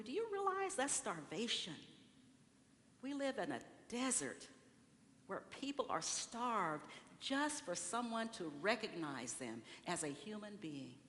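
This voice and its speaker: A woman with a fairly low, somewhat bright voice gives a conversational sermon in a large church sanctuary, asking the congregation questions and acting out people's words. The hall is reverberant, with faint room noise.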